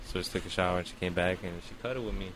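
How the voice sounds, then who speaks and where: Animated, profane man telling a story. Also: sits low, rapid-fire, slight background noise. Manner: animated, profane, acts out his own reactions. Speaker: podcast co-host. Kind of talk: casual storytelling.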